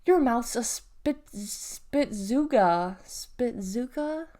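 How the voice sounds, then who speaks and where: A woman voicing a spirited, bossy young girl, exclaiming brightly in a storybook reading. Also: on the high side, lively intonation, very slow. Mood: bossy excited.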